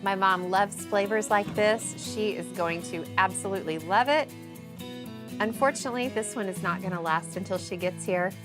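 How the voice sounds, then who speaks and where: A woman's voice: mid-range voice, normal speed. Chatty playful woman cooking in her kitchen, music and sizzling pans behind her. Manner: chatty, playful, talks to off-camera crew. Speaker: cooking show host. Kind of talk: casual cooking demonstration. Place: home kitchen. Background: background music, sizzling pan.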